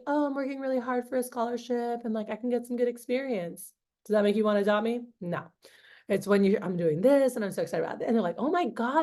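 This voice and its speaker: A young woman training sales reps, telling stories and acting out both sides of the conversations. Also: mid-range voice. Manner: animated storytelling, acting out both sides of dialogues. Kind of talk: motivational sales training talk.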